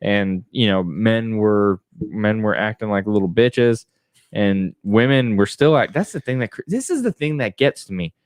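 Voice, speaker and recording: A man's voice: fairly low pitch, animated, normal speed, no room sound, studio quality. A man co-hosting a podcast in casual chat, with blunt, crude joking banter. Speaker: podcast co-host.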